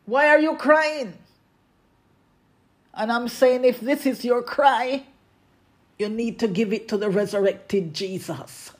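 A preacher in full sermon mode, talking at a slow, deliberate pace. The delivery leans on emphatic repetition and calls out directly to the listeners, with each line given room to land. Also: medium pitch. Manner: emphatic, repeats refrains and addresses the congregation directly.

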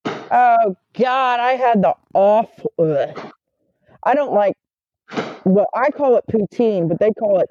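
A woman's voice: medium pitch, lively intonation, slow pace, no room sound, muffled recording. A middle-aged woman with a Southern American accent, chatting casually and animatedly as a podcast co-host, swearing freely. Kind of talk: casual chat.

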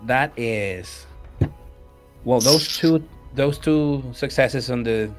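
A man's voice: mid-range voice, slow pace, faint music behind. A man narrating a tabletop game as game master, hesitant and full of fillers.

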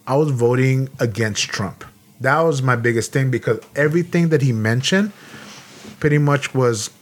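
Blunt, cursing Marine veteran man. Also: medium pitch. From Los Angeles, USA. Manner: blunt, heated, swears freely, many restarts. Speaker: podcast co-host, Marine veteran. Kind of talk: casual podcast chat.

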